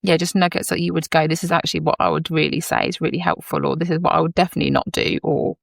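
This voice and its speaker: A woman's voice: sits low, steady tone, very fast, creaky, no echo, clean studio sound. A woman co-hosting a podcast, listening supportively and asking long, searching questions. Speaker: podcast co-host. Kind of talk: interview conversation.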